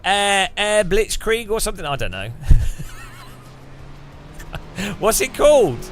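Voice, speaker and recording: A man's voice: sits high, sing-song, slow pace, soft background music. A man giving casual, joking gameplay commentary, chatting and laughing often. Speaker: gaming streamer.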